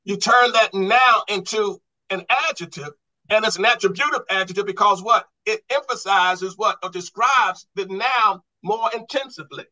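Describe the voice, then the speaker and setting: A man's voice: high-pitched, moderate pace, sharp tone, rough recording. A man teaching a Bible study class on grammar, quizzing the group with repeated questions and restarting his phrases to stress a point.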